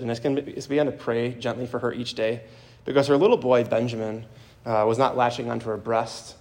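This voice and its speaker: A man's voice: mid-range voice, a little mellow. A man preaching a homily as a priest, telling a story in an earnest, plain way.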